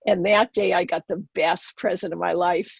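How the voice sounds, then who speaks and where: A woman's voice: fairly low pitch, steady tone, normal speed, creaky, husky, no room sound, highs cut off. Earnest woman with a Boston accent. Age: middle-aged. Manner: earnest, emotional storytelling. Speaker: guest. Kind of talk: personal storytelling in a podcast interview.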